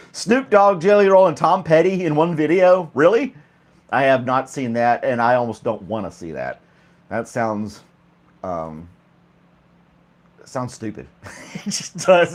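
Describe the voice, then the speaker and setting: Man, casual show host, jokey, laughs a lot, bouncy animated delivery. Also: on the high side. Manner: joking, chatty, laughs often. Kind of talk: casual chat.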